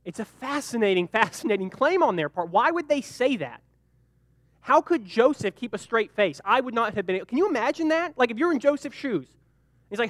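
A young man leading a youth group Bible lesson, joking and animated, briefly acting out the characters in the story. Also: very high voice, no echo. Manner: animated and joking, acts out quick character voices. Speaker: youth pastor.

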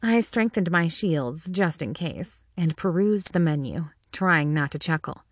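A woman's voice: lowish voice, animated, unhurried, few pauses, dry recording. A woman narrating a first-person audiobook with wry, dry humor.

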